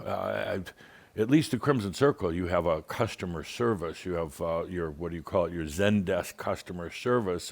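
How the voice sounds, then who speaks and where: A man giving a channeled spiritual talk in a wry, playful way, rambling with fillers. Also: low voice.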